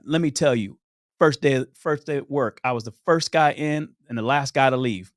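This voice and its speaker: A young adult man, a podcast guest, telling stories in a lively way, acting out scenes and laughing often. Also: medium pitch, normal speed, no echo, clean studio sound. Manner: animated storyteller who acts out scenes and laughs often. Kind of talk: casual storytelling chat.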